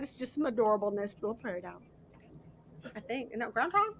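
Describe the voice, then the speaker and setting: A high-pitched woman with a bright, forceful voice hosts a casual crafting livestream. She chats away, thinks aloud as she works, and greets viewers by name. She sounds sleep-deprived. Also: expressive, fast talker, creaky, slightly rough. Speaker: host of a miniatures crafting livestream.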